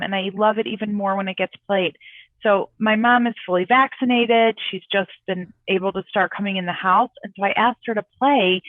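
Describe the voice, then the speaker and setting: A woman's voice: mid-range voice, no echo. Middle-aged female co-host heard over a tinny remote line, reflective and encouraging. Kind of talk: casual chat. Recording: dry tinny phone-like call audio.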